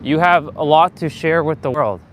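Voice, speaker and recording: A man with a slightly high voice talks earnestly on a motivational livestream, rambling and restarting his sentences with plenty of fillers. He is outdoors by a street, with faint traffic behind him. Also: moderate pace. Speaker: live-stream host. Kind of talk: casual motivational livestream talk.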